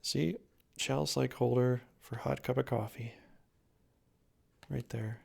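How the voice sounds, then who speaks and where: Slow, gravelly man reading tarot. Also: mid-range voice, steady tone, darkish tone. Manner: rambling, jokey, with wordplay and self-corrections. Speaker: tarot reader.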